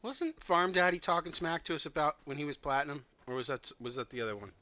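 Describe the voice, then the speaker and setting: A man's voice: on the high side, quick pace, sharp tone. A man streaming a shooter game, joking and teasing his squad over a headset mic. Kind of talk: gaming voice chat on a live stream.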